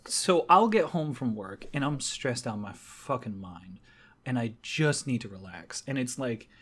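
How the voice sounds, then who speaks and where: A young man co-hosting a podcast in casual chat, enthusiastic, laughing often and swearing casually. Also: medium pitch. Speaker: podcast co-host.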